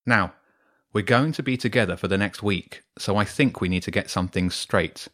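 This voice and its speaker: A man's voice: lowish voice, normal speed, a bit bright. A man voicing a firm, sensible schoolgirl who scolds her friend, in a bedtime story.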